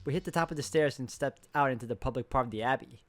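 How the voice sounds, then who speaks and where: A man's voice: medium pitch, fast, soft background music. A man narrating a story in the first person, plain and casual, with occasional swearing. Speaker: visual novel reader. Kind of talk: reading a story aloud with voices.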